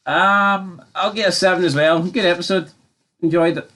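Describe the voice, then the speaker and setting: A man's voice: high-pitched, fairly even intonation, bright, forceful tone. A man co-hosting a casual TV review, blunt and sweary, picking holes in the plot. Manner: sweary, quick and blunt, questions plot points. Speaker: podcast co-host. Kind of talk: casual TV episode review chat.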